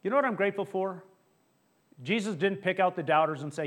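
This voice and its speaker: A man preaching a sermon as pastor, conversational and animated, acting out quotes and often restarting his words. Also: high-pitched, a little fast. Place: church sanctuary.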